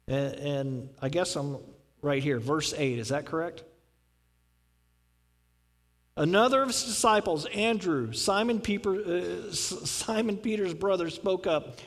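High-voiced man preaching in an echoing hall. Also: moderate pace. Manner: animated storytelling with acted-out dialogue. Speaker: pastor. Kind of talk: sermon. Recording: long reverb from a large hall.

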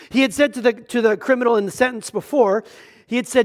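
A man's voice: very high voice, fast talker. A middle-aged man preaching a sermon as a pastor. He is conversational and earnest, with humorous asides and frequent restarts.

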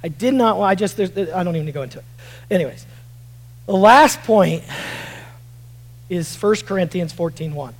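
A man with a high voice preaches a sermon. He swings between loud, shouted emphasis and quiet, low passages as he reads verses aloud. He often stumbles over repeated words and restarts his phrases. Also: lively intonation, normal speed, long pauses, low-quality recording. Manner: repeats words and restarts while reading scripture. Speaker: pastor.

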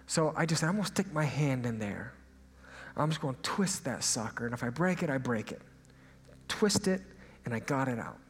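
A young man preaching a sermon as a pastor, telling a personal story in a lively, animated way and sometimes dropping to a hushed aside. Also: fairly high pitch, normal speed, long pauses, slightly rough. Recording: hall reverb, faint ambience.

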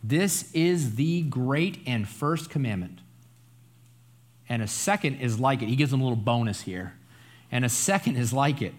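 A man's voice: mid-range voice, animated, moderate pace. A man preaching a Bible study sermon in a conversational, emphatic way, often adding asides and tag questions. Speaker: pastor.

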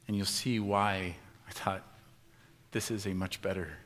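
A man with a fairly low voice preaches a sermon as a pastor. He speaks in a measured, earnest way and swells into impassioned pleading. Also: steady tone, a bit bright.

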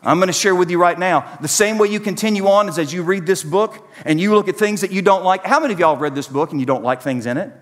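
A man's voice: high-pitched, quick pace, few pauses, long reverb tail. A man, preaching a sermon and speaking directly to his congregation. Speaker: pastor.

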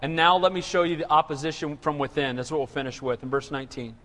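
A man preaching a sermon in an animated call-and-response manner. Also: fairly high pitch, quick pace. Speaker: pastor. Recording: reverberant hall.

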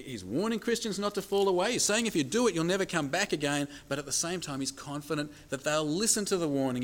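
Male preacher, higher-pitched and very lively in delivery, emphatic, drills points home with rhetorical questions. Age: adult with children. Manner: emphatic, asks rhetorical questions, slows down to stress key points. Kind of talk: sermon.

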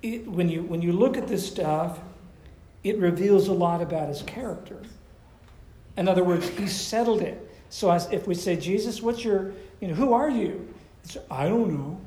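A man's voice: sits high, normal speed, warm tone, reverberant, a little hiss or hum, low-quality recording. A man preaching a sermon as a pastor and counselor, teaching in a conversational way with rhetorical questions.

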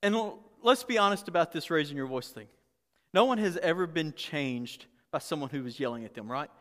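A man's voice: fairly high pitch, lively intonation, brisk, a bit bright. Man preaching a candid sermon in a hall. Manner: candid, humorous, conversational preaching with frequent restarts. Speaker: pastor.

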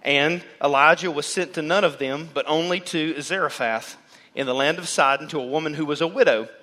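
A man preaching a sermon to his church as pastor, animated, and he acts out the voices of the people in the pews. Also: a little high, brisk. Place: church sanctuary.

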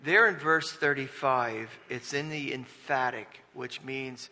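In a church sanctuary with the long reverb of a church hall, a pastor with a mid-range, sharp-toned voice preaches a Sunday sermon a little slowly and with fairly even intonation. He reads verses aloud, breaks into emphatic bursts, and restarts frequently.

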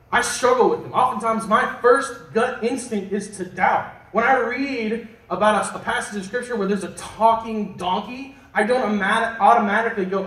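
A man's voice: high voice, a bit bright. A man preaching a sermon as pastor, in a conversational way that puts questions to the congregation and slips in jokes. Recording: echoey room from a distant mic.

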